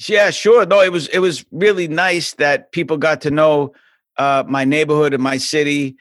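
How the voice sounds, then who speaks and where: A man's voice: moderate pace, no room sound. A man in his fifties with a Boston accent, a guest telling stories in a casual remote interview. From South Boston, USA. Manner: animated storyteller, jumps into higher pitch. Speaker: podcast guest, TV host. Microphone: remote call mic.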